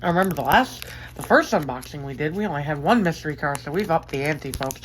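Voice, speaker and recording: A woman's voice: low voice, expressive, fast, a little hiss or hum, poor audio. Chatty enthusiastic woman unboxing collectibles. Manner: enthusiastic, chatty, rambling with fillers and self-corrections. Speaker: diecast collector vlogger. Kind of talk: casual unboxing chat. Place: bedroom.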